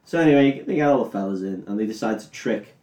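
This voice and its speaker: A man's voice: lowish voice, expressive, fast, a little mellow, recorded from a distance. Giggly tipsy man, echoey room. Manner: crude, giggly, swaps into silly character voices. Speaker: podcast co-host. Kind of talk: casual comedic film recap.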